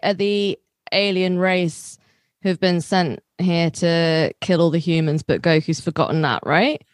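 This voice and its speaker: A woman's voice: lowish voice, steady tone, a little slow, dry recording, studio quality. A woman guest in a casual comedy chat, asking questions and rambling through explanations.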